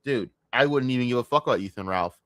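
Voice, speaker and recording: A male streamer gives profane, excitable reaction commentary, lurching from muttered asides into loud outbursts. His voice sits at an ordinary middle pitch and sounds close and dry, with no room around it. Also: fast talker, no echo. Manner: excitable, swears constantly, ranting with sudden loud outbursts.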